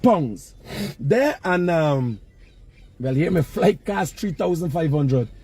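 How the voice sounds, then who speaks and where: On the high side yet darkish in tone and slightly rough, his expressive voice moves slowly. The Guyanese-accented vlogger speaks casually outdoors near work sites, lecturing passers-by emphatically about money and work with Creole woven in.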